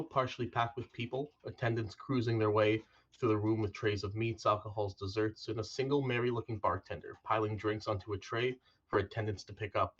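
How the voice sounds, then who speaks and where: A man narrating as dungeon master in a tabletop game, descriptive and unhurried, on dull lo-fi stream audio. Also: on the low side, fairly bright tone, breathy edge.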